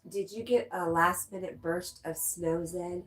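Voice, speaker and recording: Middle-aged woman, low voice, stuffy nose; casual stream host reading chat aloud. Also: steady tone, unhurried, soft background music. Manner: reads viewer comments aloud and chats back softly.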